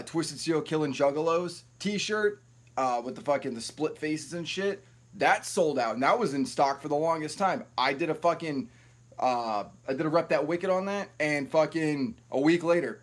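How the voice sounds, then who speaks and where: A man hosting a live stream, ranting in a rambling, profane, heated way. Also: on the high side.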